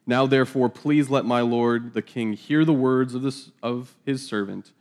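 A man's voice: medium pitch, fairly even intonation, normal speed, a little mellow. A man reading scripture aloud and teaching it verse by verse, in a casual, joking manner with laughing asides. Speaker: Bible teacher.

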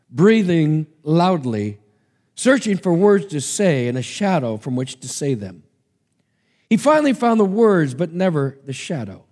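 Man, preacher, sermon, dramatic, slightly high voice, long hall reverb. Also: big pitch swings, normal speed, dark tone. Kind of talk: sermon with a dramatic story reading.

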